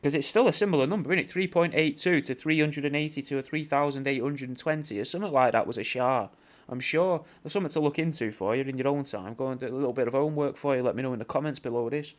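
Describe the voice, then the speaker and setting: A man's voice: medium pitch, fast talker. A man hosting a podcast, rambling through a sweary, mock-conspiratorial comedic rant and calling the listener mate. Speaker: podcast host.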